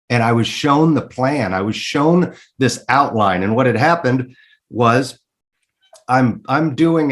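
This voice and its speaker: A man in his thirties speaks at a middle pitch as an interview guest. He tells his story candidly and emphatically, swears freely, and repeats words when he gets worked up.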